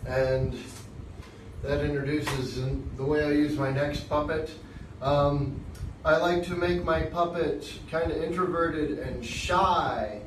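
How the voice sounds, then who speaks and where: A male English teacher explains his classroom methods in a relaxed, halting way. He speaks slowly, and his voice sits a little high. He is recorded from some distance in a roomy, echoey classroom with faint background noise. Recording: echoey room from far off.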